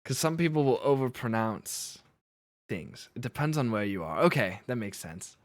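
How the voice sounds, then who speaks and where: A man's voice: mid-range voice, big pitch swings, normal speed, no room sound. Chatty laughing man on a dry mic. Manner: chatty, laughing, self-deprecating. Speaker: livestream host. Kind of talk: casual chat with chat.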